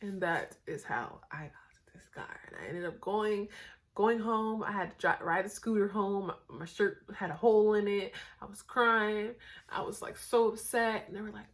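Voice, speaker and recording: This vlogger, a young Northern Californian woman, speaks in a mid-range voice at a moderate pace. Sleepy and goofy in the late hours, she chats loosely to her camera, wandering off-topic with frequent fillers.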